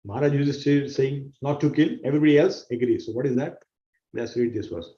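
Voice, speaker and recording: Earnest man teaching scripture, mellow voice. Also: medium pitch, quick pace. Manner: earnest, repeats key phrases, acts out gasps. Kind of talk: explanatory sermon to an online audience. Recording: roomy, dull-sounding recording.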